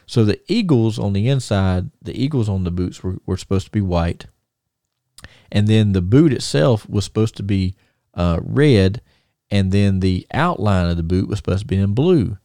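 Guy on a podcast, low voice, dry close mic, lots of ums and uhs. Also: expressive, normal speed, mellow, no room sound. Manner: rambling with many fillers and restarts. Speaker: podcast co-host. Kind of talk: casual storytelling.

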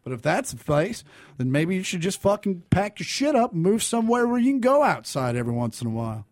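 Man, slightly high voice, profane ranter, dry close sound. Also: sing-song, fast, no room sound. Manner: profane ranting, exasperated. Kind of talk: casual podcast chat.

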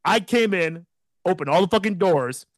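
Guy in his 30s on a podcast, highish voice that swings all over, swears a lot and cracks up, dry close sound. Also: moderate pace, dry recording. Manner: profane, animated storyteller who laughs often. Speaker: podcast co-host. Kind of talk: casual podcast chat and storytelling.

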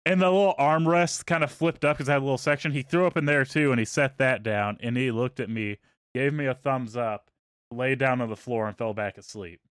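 A man hosting a podcast, telling a story in a relaxed, profane way and trailing off into quiet asides. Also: medium pitch, a little fast, clear, resonant tone, dry recording, studio quality. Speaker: podcast host. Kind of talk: casual storytelling.

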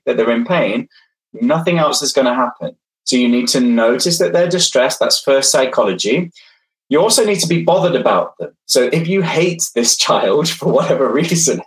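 A man's voice: medium pitch, rough recording. A man lecturing online, engaging his audience directly and reading out their replies from the chat.

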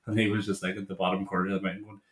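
A man's voice: low voice, level tone, rapid-fire, reverberant. A young man, chatting casually as a podcast co-host and telling stories with plenty of swearing. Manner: swearing, storytelling, laughs often. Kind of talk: casual chat.

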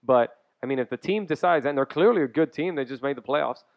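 A man's voice: mid-range voice, fairly quick, no echo. A man co-hosting a casual sports chat podcast, blunt, sarcastic and profane. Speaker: podcast co-host. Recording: dry, slightly dull sound.

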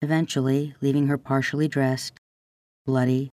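A podcast host reading a scripted true-crime narration in a measured, deliberate way. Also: medium pitch, little pitch movement, a little mellow, no room sound. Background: faint guitar music.

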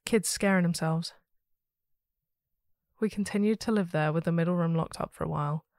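A woman hosting a story podcast, reading a listener's ghost story aloud with steady, expressive storytelling. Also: lowish voice, fast talker, creaky, no room sound, studio quality.

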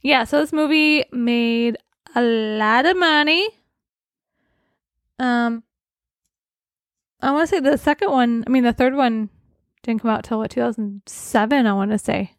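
Chatty higher-voiced woman, dry sound. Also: measured pace, pauses often, no echo. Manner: chatty, rambling, self-correcting. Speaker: podcast co-host. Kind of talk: casual chat reviewing films.

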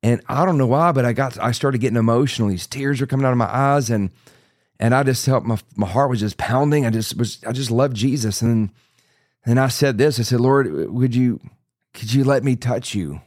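Preacher guy in his 40s telling his testimony, earnest, keeps restarting, middle pitch, dry close sound. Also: brisk, no room sound. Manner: earnest storytelling with many restarts and asides. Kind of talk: sermon testimony.

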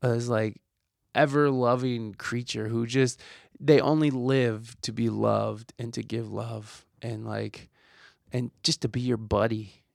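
A man's voice: mid-range voice, steady tone, a little slow, vocal fry, no room sound, clean studio sound. Rambling, cursing male podcast host. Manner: rambling, profane, self-deprecating. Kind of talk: casual solo chat.

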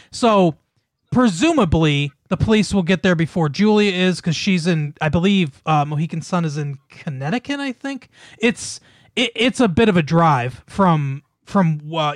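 In a dry recording, a man with a higher voice rambles through a movie's plot for a podcast he co-hosts. The chat is casual and profane, packed with fillers and laughter.

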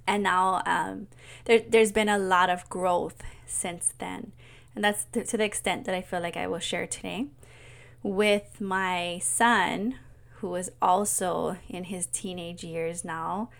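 A middle-aged woman shares a reflective monologue in a lowish voice with a gravelly fry. She speaks earnestly and softly, often sinking into a near-whisper. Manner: earnest, soft-spoken, often drops to a whisper. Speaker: mentor and coach.

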